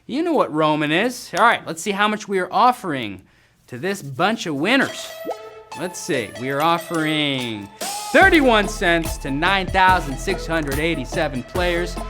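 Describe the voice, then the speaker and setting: A man's voice: a little high, sing-song, unhurried. A man running a live trivia game show, keeping it upbeat and playful as he reads out questions and tallies. He tosses in jokey asides between answers, with faint music behind his voice. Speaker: quiz show host.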